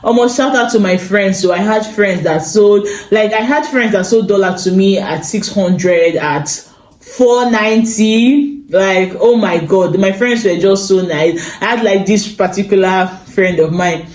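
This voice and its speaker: A young Nigerian woman with a Nigerian accent, telling a personal story in a casual, animated vlog full of exclamations and repeats. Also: mid-range voice, unhurried, reverberant. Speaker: vlogger. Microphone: phone.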